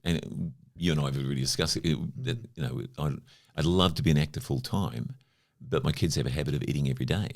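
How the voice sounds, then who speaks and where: Talking fast with few pauses in a very deep voice, a fifty-something New Zealand man tells stories as a podcast guest. The chat is casual and anecdotal, heavy on "you know."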